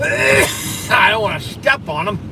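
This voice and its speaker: Driver host, slow sarcastic grumbler, loud road and wind noise around him. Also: male voice, high voice, animated, recorded from a distance. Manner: exclaiming and muttering to himself, sarcastic. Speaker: livestream host. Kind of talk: rambling live-stream chat while driving. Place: inside a car on the highway.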